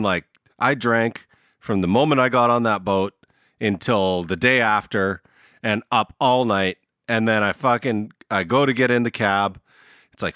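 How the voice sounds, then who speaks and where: A man's voice: on the low side, no room sound, studio quality. A middle-aged man, a band musician guesting on a podcast, telling a long story in casual conversation, swearing freely and laughing along. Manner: animated, profane, laughs through his own story.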